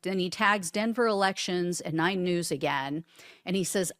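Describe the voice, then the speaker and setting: A woman's voice: on the low side, moderate pace, a bit bright, no echo, clean studio sound. A woman hosting casual political commentary, sarcastic and blunt, with casual swearing as she reads posts aloud.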